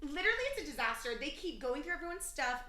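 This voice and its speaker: A woman's voice: high voice, very animated, quick pace, pushed and bright, echoey room. A young adult woman co-hosting a podcast, telling a story in casual chat and animatedly acting out the people she quotes. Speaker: podcast co-host.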